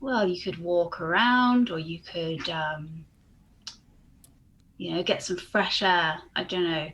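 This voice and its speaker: A woman playing a tabletop role-playing game, speaking in halting, trailing phrases. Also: on the low side, a bit bright, a little hiss or hum. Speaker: player.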